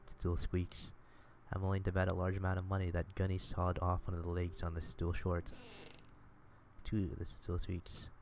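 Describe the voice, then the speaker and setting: A low, gravelly male streamer reads a visual novel aloud on a desk mic. He is sardonic and swears freely. Faint hiss sits behind him. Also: darkish tone.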